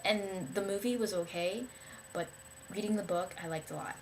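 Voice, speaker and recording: A woman's voice: mid-range voice, moderate pace, a little mellow, slight background noise. A young woman talking casually to camera about books she liked, rambling and enthusiastic, with many fillers and restarts. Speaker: vlogger.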